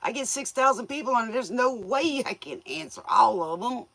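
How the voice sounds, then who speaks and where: A woman's voice: fairly high pitch, expressive, moderate pace, a bit bright, dry recording. A woman hosting a tarot livestream, chatting casually with viewers in a folksy, joking way, often laughing and playfully scolding them.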